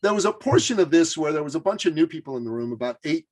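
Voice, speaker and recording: A man telling a story as an interview guest, animated and full of fillers and restarts. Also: on the high side, fast.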